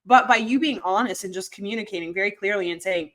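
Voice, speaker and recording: A woman's voice: mid-range voice, fast talker, hardly any pauses, fairly bright tone. A young woman co-hosting a podcast, chatty and casual, with lots of "like" and "um" fillers. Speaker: podcast co-host. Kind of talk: casual chat.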